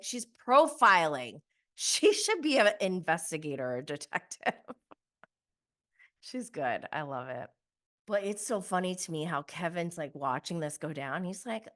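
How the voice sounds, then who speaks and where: Young woman, slow unhurried delivery, bright voice, gossipy laughing recap chat. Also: fairly low pitch. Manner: gossipy, laughing, mimics contestants' lines. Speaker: show recap reviewer.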